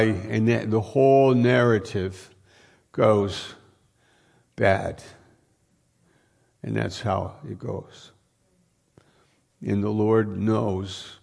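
Slow, gravelly male preacher. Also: on the low side, fairly even intonation, a little mellow. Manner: conversational, with many restarts and rhetorical questions. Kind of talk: sermon.

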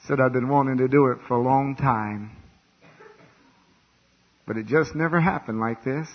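Male revival preacher, husky voice, mid pitch, fervent hushed-to-loud delivery, lo-fi tape. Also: steady tone, normal speed. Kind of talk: revival sermon. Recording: dull lo-fi recording.

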